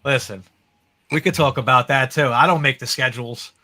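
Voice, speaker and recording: A man co-hosting a sports podcast, chatting casually and excitably about football with slang like "yo" and "bro". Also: mid-range voice, fairly quick.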